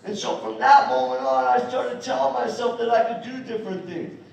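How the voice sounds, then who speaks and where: A young man giving an energetic, storytelling motivational speech at a school assembly, talking straight to the kids. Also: extremely high pitch, moderate pace, creaky. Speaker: motivational speaker. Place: school gym or auditorium. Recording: echoey hall, mic from far off.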